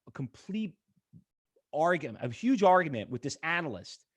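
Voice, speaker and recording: Animated man teaching a trading class. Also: on the high side, normal speed. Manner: animated, storytelling, acts out quoted exchanges. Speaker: trading instructor. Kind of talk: live trading class with screen demo.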